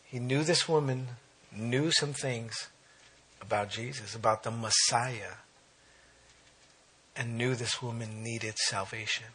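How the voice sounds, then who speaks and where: A man preaching a sermon, reading scripture aloud and breaking off into animated exclaims. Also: mid-range voice, slow pace, pauses often, husky.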